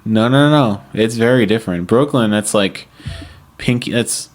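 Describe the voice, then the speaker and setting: A young man from Long Island with a mild Long Island accent, co-hosting a podcast in casual chat, animated and swearing freely as he tells stories. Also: fairly low pitch, moderate pace. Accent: Long Island, New York (mild). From Long Island, New York. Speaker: podcast co-host.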